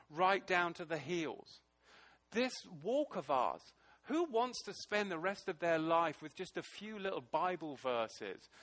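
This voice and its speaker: A man preaching a sermon to a small congregation, passionate and emphatic, moving between loud declaiming and hushed, emotional asides. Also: fairly high pitch.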